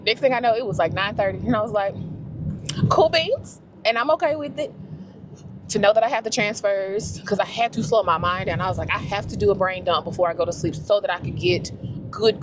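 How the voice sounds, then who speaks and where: A woman's voice: mid-range voice, fast, background noise. A woman chatting to her camera while she drives, talking to herself and laughing easily. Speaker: vlogger. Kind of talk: casual vlog chat. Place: in a car, driving.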